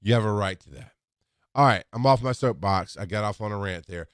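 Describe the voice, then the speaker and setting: A man's voice: on the low side, a little fast, clean tone, no room sound, clean studio sound. A middle-aged man giving an informal teaching talk as an instructor, speaking candidly and rambling with restarts, acting out bits of dialogue. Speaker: EMS instructor.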